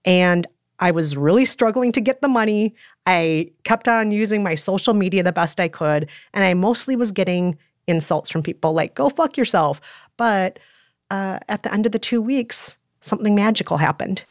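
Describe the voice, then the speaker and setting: A woman's voice: mid-range voice, normal speed, dry recording, studio quality. A woman co-hosting a podcast in casual chat, emotional and laughing often. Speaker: podcast co-host.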